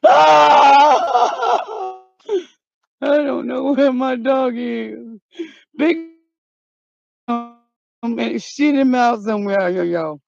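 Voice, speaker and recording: Gravelly woman vlogging in a scare. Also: a little high, slow pace, long pauses. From North Carolina. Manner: dramatic, fearful, shouting, slangy. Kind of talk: comic spooky outdoor vlog. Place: outdoors on a cold day. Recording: dull lo-fi phone audio.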